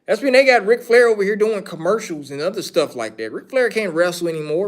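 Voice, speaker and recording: A man's voice: high voice, lively intonation, fairly quick, few pauses. Rambling, opinionated man on a livestream. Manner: rambling, opinionated, repeats himself. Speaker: livestream host answering chat. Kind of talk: casual wrestling commentary.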